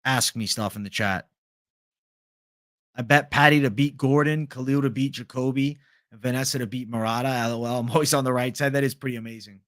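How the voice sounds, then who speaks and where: Relaxed American stream host, mid-pitched voice, dry sound. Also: male voice, a little fast, no room sound. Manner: relaxed, joking, reads chat aloud. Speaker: livestream host. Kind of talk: casual livestream chat.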